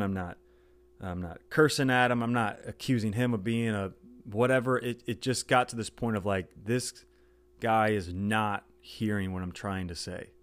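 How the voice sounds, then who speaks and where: A middle-aged man hosting a podcast, telling a personal story in an earnest monologue that halts and restarts often. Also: mid-range voice. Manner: earnest, halting with frequent restarts. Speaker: podcast host.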